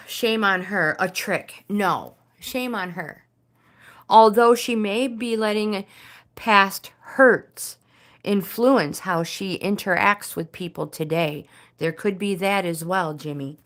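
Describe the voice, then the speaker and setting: An older woman hosting a casual live stream, reading oracle cards to viewers and often pausing to search for words. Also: medium pitch, fairly bright tone. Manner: hesitant, searching for words, many fillers.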